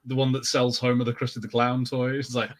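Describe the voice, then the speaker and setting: A man's voice: mid-range voice, monotone, brisk. An English man with a Liverpool accent, a podcast co-host chatting over a video call, laughing and explaining slang. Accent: Liverpool (Scouse). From Liverpool, England. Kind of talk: casual podcast chat.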